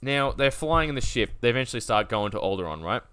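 A man co-hosting a podcast in casual chat, animated and joking, swearing freely. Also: medium pitch, fast talker, smooth, dry recording. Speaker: podcast co-host.

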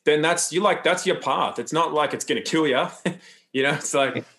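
A man's voice: on the high side, normal speed, fairly bright tone. A man talking as a podcast guest, loose and rambling, with frequent restarts and asides. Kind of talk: casual interview talk.

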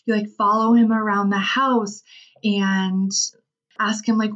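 A woman's voice: mid-range voice, flat delivery, slow, a bit bright. A woman giving a casual motivational talk about money, chatty and full of "like" and "right?" asides. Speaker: business owner and money mindset speaker. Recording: slightly distant, dull lo-fi sound.

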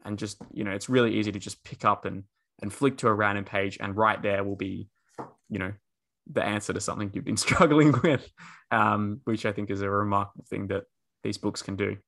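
A man's voice: on the low side, steady tone, fairly quick, creaky, fairly bright tone. A man co-hosting a podcast, chatting casually with many fillers and restarts. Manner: rambling, many ums and restarts. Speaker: podcast co-host. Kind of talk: casual chat.

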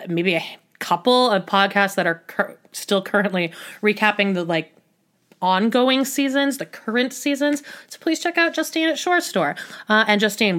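A woman with a mid-range, fairly bright voice hosts a solo podcast recapping a reality show. She talks casually and rambles, with many filler words, restarts, and wry asides.

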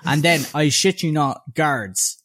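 A man in his twenties with a Dublin accent, telling a story in a casual chat. He is animated, sweary and sardonic. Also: on the high side, takes it slowly. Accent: Dublin Irish. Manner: animated, profane, sardonic anecdote-telling with voiced quotes. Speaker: podcast co-host.

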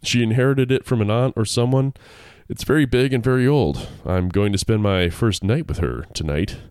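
A man's voice: fairly low pitch, normal speed, a little mellow, clear, resonant tone, no room sound, studio quality. A man co-hosting a podcast, reading a spooky story aloud with playful asides. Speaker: podcast co-host. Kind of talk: casual chat and story reading.

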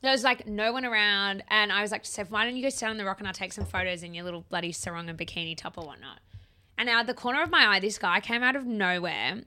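A woman's voice: mid-range voice, fast talker, sharp tone, no room sound. A young woman with an Australian accent, casually telling a story as a podcast co-host, chatty and swearing freely.

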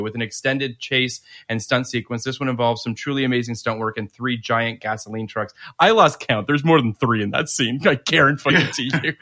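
A man's voice: mid-range voice, pushed and bright. A man co-hosting a podcast in casual chat, laughing often and swearing casually as he talks and reads a synopsis. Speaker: podcast co-host.

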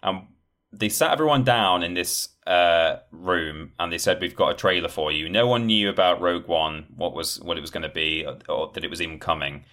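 A man's voice: low-pitched, moderate pace, sharp tone. A man in casual podcast chat, rambling with many fillers and acting out quoted lines. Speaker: podcast guest discussing game trailers.

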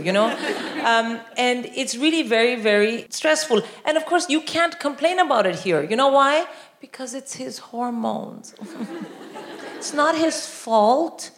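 A middle-aged woman from India doing animated live stand-up comedy, often shouting and mimicking voices. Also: on the high side. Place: large live venue with audience. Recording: echoey hall, loud crowd laughter.

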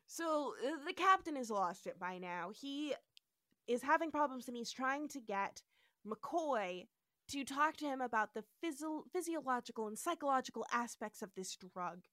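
A woman hosting a podcast, recapping an episode in a casual, animated storytelling style. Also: high voice, a little slow, no room sound, studio quality. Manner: animated storytelling with frequent voices and laughter. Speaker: podcast host.

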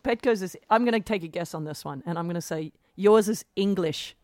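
A woman's voice: fairly low pitch, a little fast, a little mellow, dry recording, clean studio sound. A woman co-hosting a podcast, chatty and self-deprecating, laughing easily. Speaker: podcast co-host, retired tennis pro. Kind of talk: casual podcast chat.

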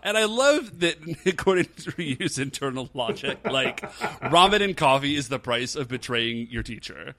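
A man's voice: mid-range voice, moderate pace, hardly any pauses, slight background noise. A man co-hosting a podcast, chatting casually and joking as he recaps a TV episode. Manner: animated, laughing, joking. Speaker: podcast co-host. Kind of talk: casual chat recapping a TV show.

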